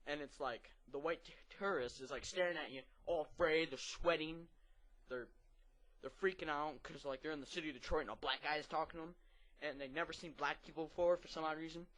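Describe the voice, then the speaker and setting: A man doing a stand-up comedy routine, rambling and excitable, with lots of fillers and restarts. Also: a little high, fairly quick.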